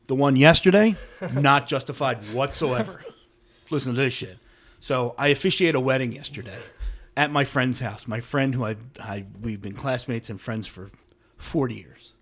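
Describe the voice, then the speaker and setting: A middle-aged man of medium pitch, swapping stories on a casual podcast. He talks animatedly, punching some phrases out loud and dropping others to a low mutter, in a relaxed, conversational way. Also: normal speed. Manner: animated, swings from loud emphatic bursts to low muttered asides. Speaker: podcast co-host. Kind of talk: casual storytelling chat.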